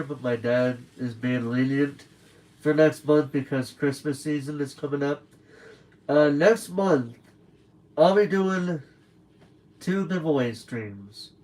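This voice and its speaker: A young man chatting casually on a late-night stream from home, his voice sitting a little higher than most men's. He rambles through a story, loose and unscripted. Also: darkish tone, poor audio. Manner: rambling storyteller who acts out quoted people.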